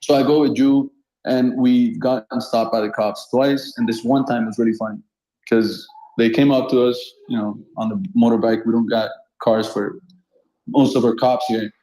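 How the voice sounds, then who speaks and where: A man in his thirties from Colombia spins casual street-art anecdotes, laughing often along the way. His voice is mellow and dark-toned, sitting at an ordinary pitch. The sound carries a noticeable echo, as if recorded in a bare room. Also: steady tone, normal speed. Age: 30s. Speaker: guest street artist. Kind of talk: casual storytelling. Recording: roomy echo.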